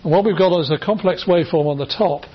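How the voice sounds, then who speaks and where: A man's voice: sits high, fast talker, husky. A middle-aged man lecturing a class, enthusiastic and chatty, often restarting his sentences as he runs demonstrations. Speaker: university lecturer. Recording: dull, lo-fi lecture recording.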